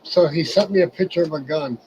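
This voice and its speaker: A man's voice: on the high side, brisk, dark tone, lo-fi sound, slight background noise. A man in casual chat, hesitant and meek, mumbling with false starts, heard off mic.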